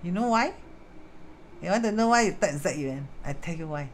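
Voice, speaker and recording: A woman's voice: lowish voice, expressive, brisk, slight background noise. Chatty Singaporean woman teaching feng shui. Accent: Singaporean English. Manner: chatty, mixes in Hokkien and Mandarin words; greets viewers mid-explanation. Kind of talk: casual live-stream talk.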